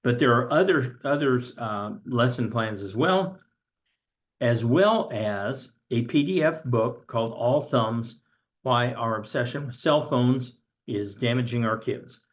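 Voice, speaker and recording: A man teaching a history lesson in a conversational way, reading from a textbook and then stepping aside to comment. His voice sits at an ordinary middle pitch. The recording is a little dull and lo-fi. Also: animated, measured pace.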